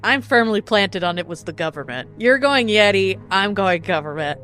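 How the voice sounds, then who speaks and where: A woman's voice: medium pitch, expressive, normal speed, a bit bright, soft background music. A woman co-hosting a podcast in casual conversation, wry and offhand, with a skeptical streak. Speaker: podcast co-host.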